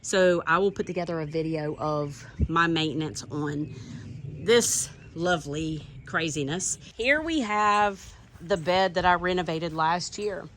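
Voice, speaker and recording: A middle-aged woman with a Southern US accent talks her way around her garden outdoors, gushing over each bloom in a chatty, enthusiastic way. Her voice sits a little low. A faint hum of outdoor ambience stays behind her. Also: unhurried, fairly bright tone. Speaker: garden vlogger. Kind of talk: casual garden tour narration.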